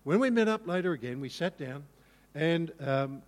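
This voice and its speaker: A male pastor telling a personal story in a sermon, animated and self-mocking. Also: fairly high pitch, normal speed, in a large hall.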